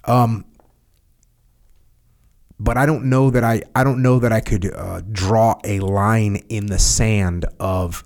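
A man's voice: lowish voice, steady tone, slow pace, pauses often, a little mellow. A man hosting a podcast, talking casually and acting out short quoted exchanges to make his points. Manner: plain-spoken, acts out short quoted dialogues. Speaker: podcast host.

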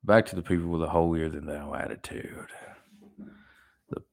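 A man's voice: a bass voice, a little fast, vocal fry, darkish tone. A young adult man hosting a solo podcast, ranting animatedly and mocking people in put-on voices. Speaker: podcast host.

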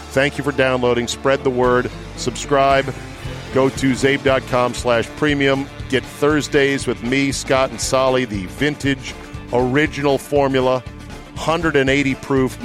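A man hosting a podcast from inside a van, chatting about sports in a blunt, profane way. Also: mid-range voice. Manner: blunt and profane, talking fast when riled. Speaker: podcast host. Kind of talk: casual sports chat. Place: inside a van used as a studio.

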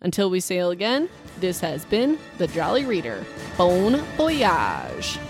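A woman's voice: on the low side, sing-song, moderate pace, music in the background. A young woman hosting a book podcast at home, chatting casually and rambling in a self-deprecating way. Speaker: podcast host.

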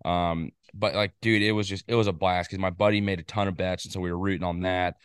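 A man with a slightly low voice talks football on a casual podcast. He rambles and gets excited, stacking up quick asides. The sound is dry and close. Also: clean tone, dry recording. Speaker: podcast co-host. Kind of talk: casual sports chat.

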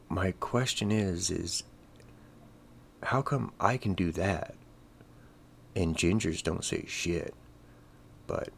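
Deep gravelly man ranting crudely. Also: slight background noise. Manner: crude, sarcastic, rambling, profane. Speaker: podcast host. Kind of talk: casual comedic monologue.

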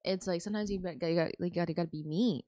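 A woman's voice: lowish voice, fast talker, dark tone, no echo, clean studio sound. Candid young woman chatting casually. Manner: candid, frequent fillers, quotes people. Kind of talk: casual chat.

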